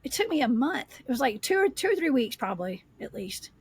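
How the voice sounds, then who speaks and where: A woman guest on a casual podcast, rambling through her story with lively energy. Her voice sits a little high and comes out husky and breathy. The sound is close and dry. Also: a little fast, no echo. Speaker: guest, paranormal investigator.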